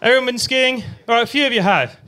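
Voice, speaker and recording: A man's voice: very high-pitched, fast, pushed and bright. A young man performing a crude stand-up set at an open mic night, acting out voices and sounds. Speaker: stand-up comedian.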